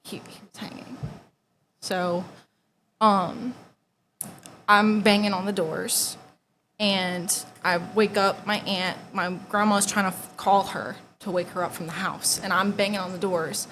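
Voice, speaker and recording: Young woman, personal testimony, emotional storytelling, casual filler-heavy talk, mid pitch, faint background noise. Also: fairly even intonation, unhurried, fairly bright tone, low-quality recording. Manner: conversational, heavy use of "like", drops to near-whispers at painful moments. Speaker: guest giving a testimony.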